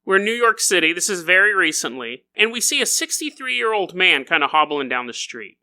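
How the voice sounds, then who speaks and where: A man hosts a comedy podcast and spins goofy stories, laughing as he goes. His voice is high and very bright. His pitch swoops around with a lot of energy. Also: brisk. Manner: goofy and animated, laughing as he talks. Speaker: podcast host. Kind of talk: comedic storytelling monologue.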